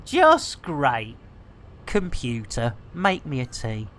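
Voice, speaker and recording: A man's voice: mid-range voice, huge pitch swings, slow, a bit bright. A British man gives jokey, rambling commentary on a game stream into a desk mic. His voice bounces up and down constantly. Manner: jokey, rambling, innuendo-laden. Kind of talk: comedic live gameplay commentary.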